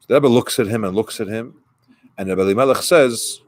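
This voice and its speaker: A man's voice: on the low side, brisk, no echo. A man who is a rabbi, giving a conversational sermon and retelling a story with quoted dialogue.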